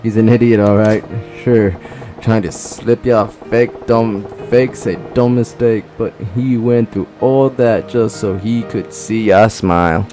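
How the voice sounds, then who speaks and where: A man's voice: fairly low pitch, steady tone, unhurried, hardly any pauses, dark tone, soft background music, close to an everyday voice. A man doing a drawling Southern gangster. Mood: earnest. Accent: put-on Southern US drawl. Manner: folksy drawl, reading game dialogue aloud.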